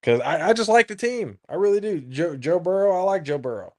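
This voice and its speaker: A man's voice: high-pitched, expressive, a little fast, warm tone. A man co-hosting a podcast, chatting casually about football in an emphatic, profane way and laughing often. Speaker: podcast co-host. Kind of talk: casual sports chat.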